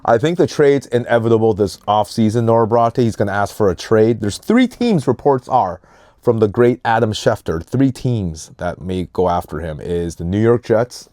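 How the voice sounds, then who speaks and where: A man hosting a casual sports podcast, giving animated hot takes and stretching out names for emphasis. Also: on the low side, moderate pace, dry recording, studio quality. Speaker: podcast host.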